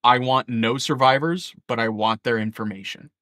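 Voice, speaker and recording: A man voicing a grave matriarch who gives quietly urgent orders in a tabletop role-play. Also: medium pitch, normal speed, no room sound, natural voice. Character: grave matriarch leader, mother of a household.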